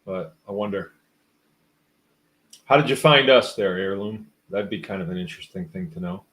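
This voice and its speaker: A man with a fairly low voice hosts a casual livestream, reading out viewer comments as they come in. He talks in a rambling, musing way with a wry edge and drifts between thoughts. His delivery is relaxed and unscripted. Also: moderate pace. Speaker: host.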